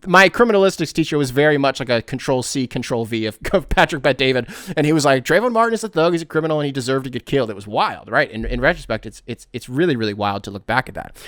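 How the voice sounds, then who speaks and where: Here a man from the United States rambles conversationally on his solo podcast, often correcting himself. He speaks briskly at medium pitch, with lively intonation and a fairly bright tone. It's a clean studio recording without room sound.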